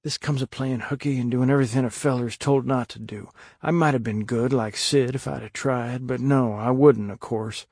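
A man's voice: medium pitch, steady tone, normal speed, hardly any pauses, breathy edge, no room sound, clean studio sound. A man doing a bossy boy whispering in fright. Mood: remorseful. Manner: hushed, earnest whispering. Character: bold but frightened boy, bossy leader.

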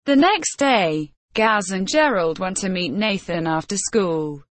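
A woman narrating a story in an even, deliberate reading. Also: medium pitch. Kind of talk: scripted narration.

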